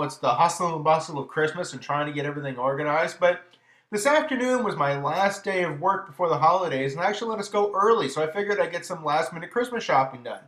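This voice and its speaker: Male vlog host, slightly high voice, chatty and exasperated storyteller, roomy echo. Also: fairly bright tone. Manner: chatty, exasperated, lots of "you know". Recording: echoey room.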